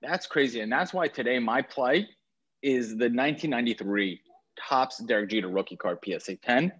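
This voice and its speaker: Lo-fi audio captures a man's mid-range voice with a breathy edge, at a moderate pace. Co-hosting a podcast during a trip away from home, he chats about sports cards enthusiastically and with lively energy, correcting himself as he goes.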